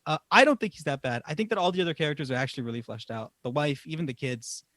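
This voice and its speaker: A man's voice: on the high side, rapid-fire, a bit bright, no room sound. Rambling, laid-back podcast guy. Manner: rambling, swears casually, laughs often. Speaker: podcast co-host. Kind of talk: casual chat.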